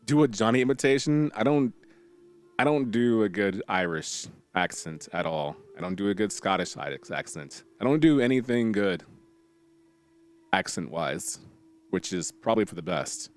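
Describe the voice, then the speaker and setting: A man's voice: lowish voice, normal speed, faint music behind. A man casually playing a strategy game on stream, reading tutorial text aloud and joking with viewers in a playful way. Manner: playful, jokey, chats with viewers, bursts of excited exclamations.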